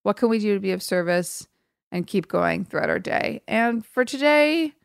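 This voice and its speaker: A woman's voice: medium pitch, lively intonation, moderate pace, gravelly, clear, resonant tone, no echo, clean studio sound. A woman co-hosting a podcast in casual chat, teasing her friend and then speaking earnestly. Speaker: podcast co-host.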